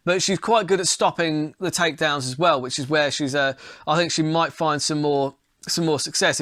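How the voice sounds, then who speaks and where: A man's voice: a little high, sharp tone, no room sound, clean studio sound. A man giving a casual, rambling fight breakdown and betting pick, swearing now and then. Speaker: fight analyst and tipster.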